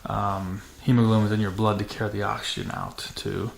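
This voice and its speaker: A man's voice: on the low side, flat delivery, brisk, creaky. A man hosting a dirt bike vlog, talking casually to camera with many fillers and restarts in a matter-of-fact way. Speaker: channel host. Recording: echoey room with faint noise.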